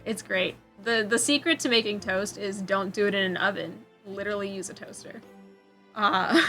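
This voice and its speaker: Bright-voiced young woman telling a rambling story. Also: mid-range voice. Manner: rambling storytelling, swears freely, animated when quoting. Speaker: streamer. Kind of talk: casual chat while crocheting on stream.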